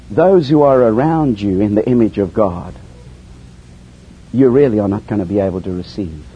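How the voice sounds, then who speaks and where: A man preaching a sermon, dropping to hushed lows and rising to soaring, emphatic highs. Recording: dull lo-fi sermon recording with faint hiss.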